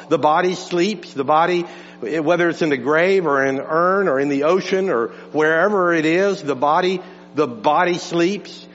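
A man with a slightly high voice preaches in a church, emphatic and full of repeated words, sinking low and then climbing again. The sound is dull and lo-fi, with long reverb trailing each phrase and a faint mains hum underneath. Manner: emphatic, repeats words, swings from hushed to raised. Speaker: pastor. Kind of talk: sermon.

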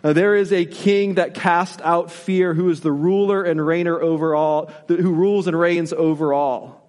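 Male pastor, fairly high voice, earnest sermon with repeated refrains, long hall echo. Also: steady tone, normal speed, a little mellow. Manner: earnest, repetitive preaching with rising emphasis.

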